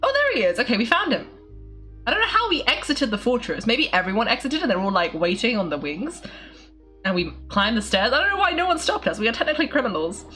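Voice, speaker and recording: A woman chats her way through a story-heavy game, reading lines aloud and laughing at small moments. Her pitch swings freely and stays animated. Soft game music sits faintly under her voice. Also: fast. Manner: chatty, giggly, reads game dialogue aloud. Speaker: gameplay streamer. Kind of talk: casual let's play commentary.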